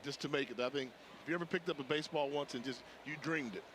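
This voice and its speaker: A man's voice: mid-range voice, quick pace. A man working as a color analyst on a football broadcast, talking in a conversational, storytelling way. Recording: TV broadcast audio with background noise.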